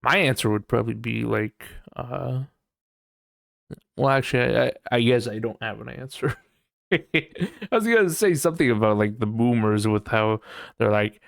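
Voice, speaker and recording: A man hosting his own podcast in a relaxed, meandering way, leaning on "you know" and frequent laughs. His voice has a gravelly, fried texture at a middle pitch. The sound is dry and close, with little room to it. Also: normal speed, no room sound. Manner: rambling, peppered with "you know", laughs often. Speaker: podcast host. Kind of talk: casual solo podcast chat.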